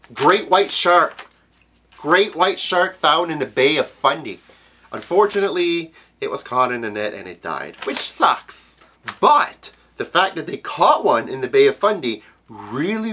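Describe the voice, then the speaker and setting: Profane, animated ranting man. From Canada's Maritimes. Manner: profane, animated ranting with sudden pitch jumps. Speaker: video blogger. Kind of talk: casual ranting vlog.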